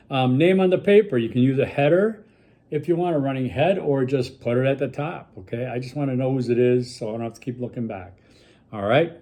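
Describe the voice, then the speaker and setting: A man's voice: medium pitch, mellow. Casting note: male instructor from Milwaukee, loose and chatty, filler-heavy recorded class video, mid-range voice. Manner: casual, rambling, lots of fillers and check-ins. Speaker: college instructor.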